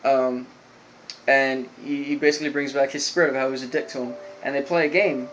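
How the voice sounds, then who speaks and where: A man casually talking through a recap of a show episode at a mid-range pitch. He rambles, piles on fillers and restarts, and slips into quick paraphrased lines for the characters. A faint hiss sits under his voice. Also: fairly even intonation, a bit bright, highs cut off. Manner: rambling, filler-heavy retelling with loose quoted lines. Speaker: anime episode reviewer.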